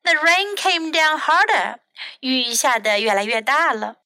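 A woman teacher reads a children's picture book aloud in two languages, gentle and clear. Her voice is high and bright, and she takes an unhurried pace. The recording is close and dry. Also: no echo. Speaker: English teacher reading a bilingual storybook. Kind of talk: bilingual children's story reading.

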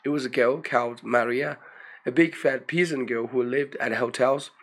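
A man's voice: medium pitch, normal speed, fairly bright tone. A man reading a first-person story aloud, in a plain storytelling manner with dry asides. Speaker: reader.

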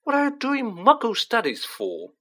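A man voicing an excitable, chatty teenage boy wizard who talks in animated, joking bursts. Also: very high voice, normal speed, pitched above the performer's own voice, full character voice. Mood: exasperated.

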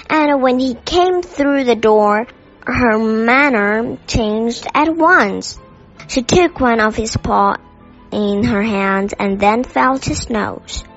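Woman reading a children's novel, slow careful delivery, fairly high voice, slightly muffled, faint music. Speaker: storybook reader.

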